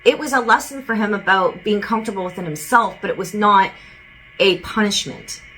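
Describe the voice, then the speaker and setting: Bright-voiced woman medium, rambling. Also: mid-range voice, fairly quick, soft background music, low-quality recording. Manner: rambling, relays quotes with frequent "he goes". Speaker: psychic medium. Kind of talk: channeled reading, casual storytelling.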